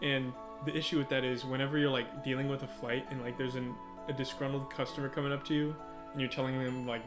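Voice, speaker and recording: A man's voice: mid-range voice, level tone, fast. A young man chatting casually as a podcast co-host, telling easygoing stories about his job. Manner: easygoing storyteller, laughs along. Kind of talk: casual chat. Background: guitar music.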